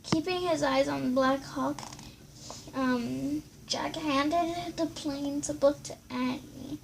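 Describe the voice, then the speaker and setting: A woman reading a children's book aloud, stumbling and restarting now and then, in a creaky voice over steady background noise. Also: sits high, slow pace. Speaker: reader.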